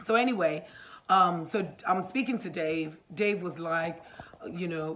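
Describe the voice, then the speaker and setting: A woman vlogger in casual storytelling mode, animated, acting out the dialogue as she goes. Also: fairly low pitch, moderate pace, lo-fi sound, slight background noise. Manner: animated, acts out dialogue, fillers.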